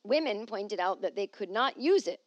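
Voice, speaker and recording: A woman talks on her own podcast from home, reading an article aloud and breaking off for wry, jokey asides. The sound is close and dry, with no room in it. Her pitch sits in an ordinary middle range. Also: animated, normal speed, dry recording, highs cut off. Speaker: podcast host.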